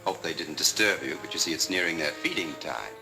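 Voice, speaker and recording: An actor playing Batman as a calm, dry, menacing adult hero, in the style of 1940s film serial acting, with music underneath from an old film soundtrack. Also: very deep voice, brisk, creaky. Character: Batman, stern cool adult male hero.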